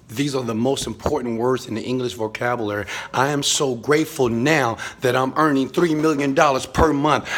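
Hyped high-voiced motivational man. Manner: shouts chants and repeats phrases. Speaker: motivational speaker. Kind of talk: hyped motivational talk to camera. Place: high-rise apartment. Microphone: phone camera.

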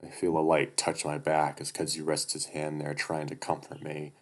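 A man narrating a first-person story aloud in a quiet, steady way. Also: rumbling low, normal speed.

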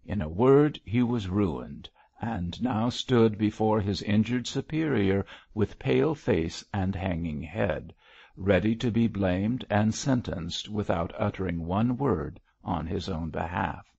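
Slow gravelly male audiobook narrator. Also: on the low side, lively intonation, darkish tone. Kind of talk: scripted narration. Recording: dull lo-fi dry recording.

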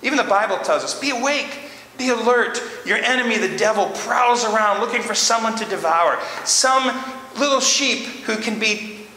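Preaching in a church sanctuary, this pastor has a high-pitched, sharp-toned voice at a moderate pace. Earnest and emphatic, he hammers his points home by repeating short phrases, with roomy church reverb and faint background noise in the recording.

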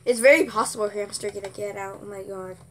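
A woman's voice: medium pitch, fairly even intonation, fast, a bit bright. Giggly sarcastic woman reviewer. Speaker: product reviewer. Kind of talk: casual chat.

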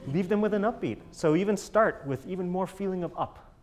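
A man's voice: high voice, brisk. Encouraging male master class teacher. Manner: enthusiastic, encouraging, sings rhythms with syllables. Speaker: bass teacher coaching a chamber ensemble.

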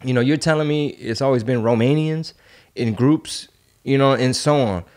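A man's voice: mid-range voice, normal speed, a little mellow. Man ranting with rhetorical questions. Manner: heated rhetorical questions, street slang. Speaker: podcast host. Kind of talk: casual podcast chat.

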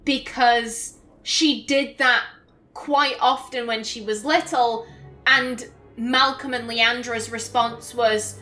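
A woman hosting a game playthrough, talking slowly and expressively as she reacts to the story. Her voice is high and bright, and she wears her feelings openly. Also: soft background music. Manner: emotional, expressive. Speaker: let's play host. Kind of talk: gameplay commentary.

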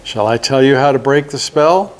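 A man's voice: medium pitch, moderate pace, lightly acted. An older man reading aloud gives voice to a clever, self-assured young hero who talks his way past goblins. The tone is bold and teasing, a little above the reader's own voice. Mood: sly.

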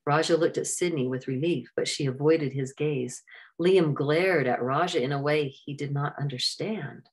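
Low-voiced woman reading a storybook. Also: moderate pace. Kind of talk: storybook narration.

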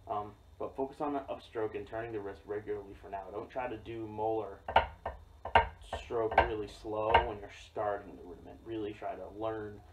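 Man, drum instructor, fairly low voice, relaxed explanations, mic set back, loud background noise with stick clicks. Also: moderate pace, distant mic, lo-fi sound. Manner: relaxed, explanatory, frequent "okay?" checks. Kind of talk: casual instructional demo.

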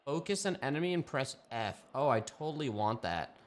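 A man's voice: mid-range voice, expressive, fast, few pauses, fairly bright tone. A man streaming a video game, chatting casually and reacting with offhand swearing. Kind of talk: casual gameplay commentary. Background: game music.

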